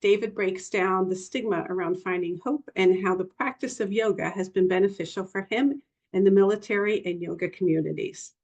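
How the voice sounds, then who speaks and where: A woman's voice: mid-range voice, brisk, a little mellow, lo-fi sound. A woman moderating an online session, reading a polite, formal introduction of the speaker over a video call.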